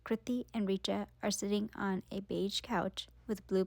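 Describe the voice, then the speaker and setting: A woman's voice: medium pitch, little pitch movement, normal speed, vocal fry, a little mellow. A woman reading a scripted accessibility note and visual description in a plain, informative way. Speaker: accessibility narrator. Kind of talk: scripted read notice.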